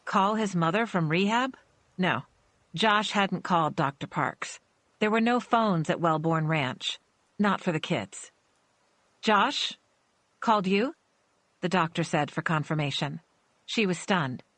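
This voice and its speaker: A woman narrating a suspense audiobook in a measured storytelling manner, voicing the characters with small shifts. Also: on the low side, a bit bright, no echo. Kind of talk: scripted narration.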